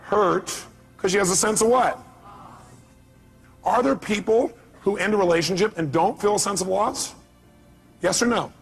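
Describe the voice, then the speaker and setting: A man delivers a motivational seminar with a high-pitched, emphatic voice. He keeps firing rhetorical questions at the crowd, and soft music plays underneath. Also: moderate pace, gravelly, long pauses, husky. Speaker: motivational speaker. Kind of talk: live seminar talk.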